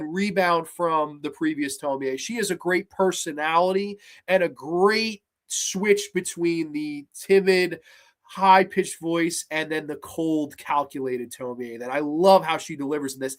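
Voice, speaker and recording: Animated high-voiced man reviewing horror films. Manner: animated, profane, acts out scenes in voices. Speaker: horror podcast host. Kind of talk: casual film review.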